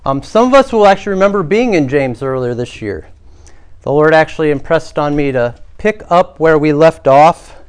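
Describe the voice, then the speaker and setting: A male pastor delivers a sermon with a smooth, clear voice pitched a little high. He tells stories and draws the congregation in with questions. He shifts between brisk narration and slower, emphatic points. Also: animated. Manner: storytelling, warm invitations to the congregation.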